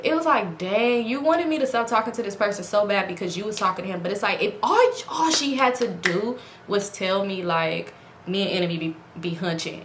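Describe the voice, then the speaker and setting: Here a woman with a mid-range voice tells her viewers a casual, animated story from home at night, lit by a ring light. Quoted lines come out in a raised voice, and the sound is roomy with slight background noise.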